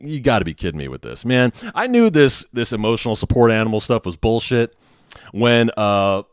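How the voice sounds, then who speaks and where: A man's voice: mid-range voice, sing-song, normal speed, clear, resonant tone, no room sound, clean studio sound. A man in his thirties hosting a podcast, ranting bluntly and sardonically with lots of swearing. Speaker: podcast host, hospital worker. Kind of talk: ranting monologue.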